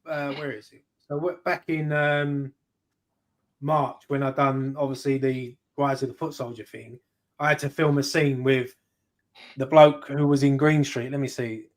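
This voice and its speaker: A man's voice: medium pitch, steady tone, measured pace. A man telling rambling stories in a casual football chat with a co-host. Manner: rambling, anecdotal, swears casually. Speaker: fan channel co-host.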